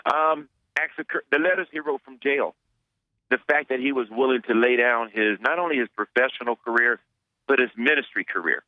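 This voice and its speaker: A man's voice: medium pitch, a little fast, no room sound, narrow, tinny audio. A man, a pastor, answering interview questions earnestly, often repeating words as he searches for them.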